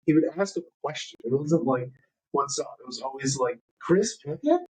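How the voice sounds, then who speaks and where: A man's voice: mid-range voice, fairly even intonation, normal speed, darkish tone, slightly rough, rough recording. A man, hosting a podcast in a laid-back casual chat and laughing often. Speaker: podcast host.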